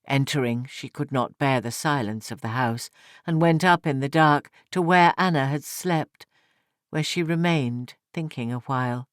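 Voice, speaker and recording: Man reading an old classic story aloud, slow and steady, super dry close mic. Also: mid-range voice, no room sound. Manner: measured, even storytelling. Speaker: audiobook narrator. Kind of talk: scripted literary narration.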